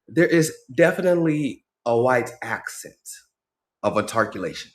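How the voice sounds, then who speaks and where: Man, livestream host, reads a passage aloud, breaks in with casual slangy comments, mid-pitched voice. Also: expressive, normal speed.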